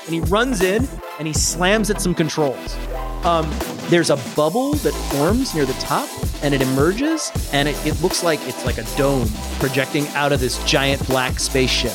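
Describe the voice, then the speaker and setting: Guy game-mastering, kinda high voice, music playing behind. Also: expressive, moderate pace. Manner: rambling, filler-heavy narration. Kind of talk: narrating a tabletop game.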